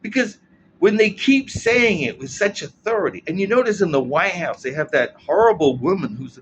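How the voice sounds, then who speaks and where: A man with a fairly high, lively voice talks through his points in a blunt, sardonic monologue and ends a lot of his sentences with "right?". The recording is muffled and lo-fi, with a faint hiss of room noise underneath. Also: normal speed. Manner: keeps checking in with "right?" tag questions. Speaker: political commentator. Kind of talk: casual explanatory monologue.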